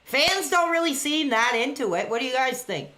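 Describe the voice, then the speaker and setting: A woman talks casually to her live-stream viewers from a dark room at home. Her voice is bright and sharp. She reads out chat messages and breaks into eager play-by-play whenever the match heats up. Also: high-pitched, normal speed. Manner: chatty, reads out chat messages between excited play-by-play reactions.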